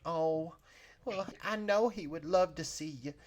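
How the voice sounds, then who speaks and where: A man's voice: on the high side, unhurried, darkish tone, pitched above the performer's own voice, close to an everyday voice. A man voicing a sweet young farm girl pleading with worry.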